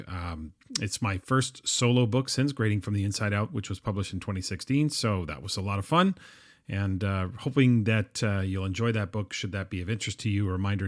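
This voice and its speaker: A middle-aged man hosts a podcast on his own, speaking in a fairly low voice. He talks in a relaxed, conversational way, with plenty of ums and uhs between his thoughts. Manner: conversational, with frequent fillers and restarts. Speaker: podcast host. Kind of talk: solo podcast monologue.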